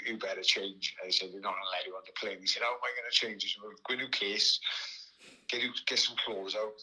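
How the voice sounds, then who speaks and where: A man's voice: on the low side, husky, low-quality recording. Laughing Welsh man telling a story. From Wales. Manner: laughing, animated anecdote with many restarts. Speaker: podcast guest, former boxer. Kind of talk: casual storytelling.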